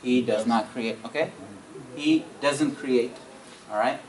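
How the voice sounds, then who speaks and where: A man teaching a grammar class, repeating each point, checking in with students and reciting verses quickly. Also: medium pitch, crowd noise, low-quality recording. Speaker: Arabic teacher.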